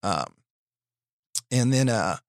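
A man's voice: fairly low pitch, lively intonation, takes it slowly, dry recording, clean studio sound. A man in his thirties telling stories in a loose, profane, self-deprecating way as a guest on a chat show. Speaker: guest comedian. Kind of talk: casual storytelling chat.

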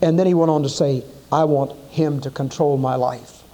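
A man's voice: fairly high pitch, steady tone, normal speed, mellow. A man preaching a sermon, telling Bible stories dramatically and acting out the quoted voices.

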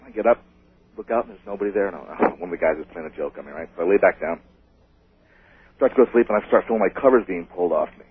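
A man calling in to a radio show, telling a ghost story in an excitable, rambling way. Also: deep voice, racing, slight background noise. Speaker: caller. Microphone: telephone. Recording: tinny phone line.

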